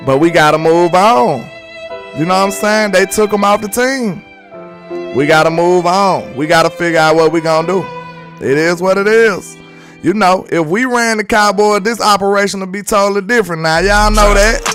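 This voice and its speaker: A man's voice: high voice, moderate pace, fairly bright tone, soft background music. A young man from Alabama with a Southern US accent, hosting live sports talk in a loose, joking, slangy way while reading viewer chat.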